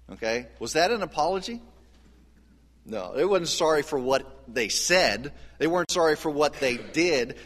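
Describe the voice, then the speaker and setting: A man preaching a sermon as pastor, animated, his voice swinging from soft and low to loud and high. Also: big-room sound. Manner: animated preaching with wide swings of pitch and loudness.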